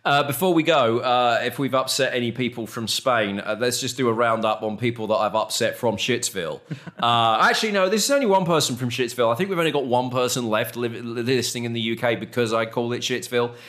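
A man's voice: mid-range voice, brisk, fairly bright tone. A man hosting a podcast, talking in a loose and conversational way. He tells stories with wry asides and lets his sentences ramble before landing the point. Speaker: podcast host. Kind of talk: casual podcast chat.

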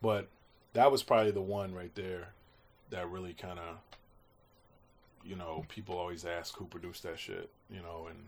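There's a little hiss or hum behind this low-pitched man, who speaks at a moderate pace with long pauses. He's a music producer guest telling casual interview stories, animated and slangy, acting out quotes and swearing freely.

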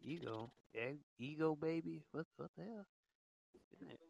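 A man's voice: fairly high pitch, animated, moderate pace, vocal fry, a little mellow, muffled recording, a little hiss or hum. A young man in casual voice chat, talking in slang and laughing through his words. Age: young adult. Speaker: chat room participant.

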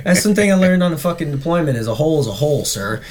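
A man's voice: fairly high pitch, lively intonation, rapid-fire, a crowd in the background. A young man hosting a casual podcast chat, rambling, profane and often laughing. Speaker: podcast host.

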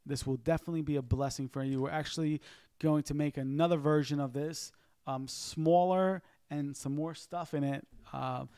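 A man's voice: a little high, steady tone, moderate pace, few pauses, mellow, clean tone, dry recording. A man co-hosting a ministry podcast, earnestly encouraging viewers. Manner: earnest, encouraging, repeats himself. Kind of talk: casual ministry talk, appeal to viewers.

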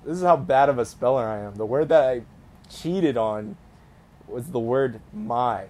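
A man's voice: medium pitch, a little slow, a little mellow. A young man co-hosting a casual podcast, telling a story in a rambling way with many fillers and restarts. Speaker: podcast co-host.

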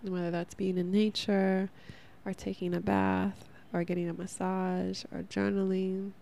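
Gravelly, mellow-voiced woman hosting a podcast. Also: medium pitch, flat delivery, a little slow. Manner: rambling, earnest, laughs at herself, lots of "like". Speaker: podcast host. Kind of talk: casual spiritual self-help podcast.

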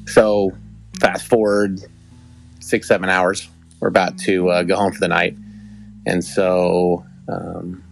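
A man's voice: low-pitched, little pitch movement, slow pace, vocal fry, long pauses, soft background music. A young adult man hosting a podcast, telling a rambling, affectionate story with many restarts. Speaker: podcast host. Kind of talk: casual storytelling.

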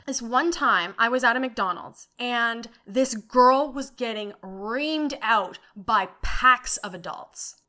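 A young woman hosting her own podcast, telling stories in an animated way, swearing freely and saying "like" often. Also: fairly high pitch, slow, few pauses. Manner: animated, swearing storyteller with frequent "like". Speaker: podcast host. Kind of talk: casual solo podcast monologue.

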